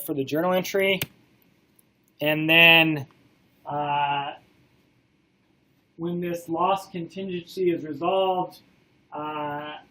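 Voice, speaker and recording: A man lecturing a college class in a casual manner, filling pauses with "uh" and checking in with the students, his voice going hoarse. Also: on the high side, pushed and bright, low-quality recording. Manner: casual, many "uh" fillers, checks in with "okay?". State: losing his voice.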